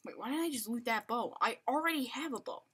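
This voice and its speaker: A woman giving excitable, rambling, self-mocking commentary while playing a video game. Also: on the high side, fast, husky. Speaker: gaming channel host. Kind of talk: live gameplay commentary.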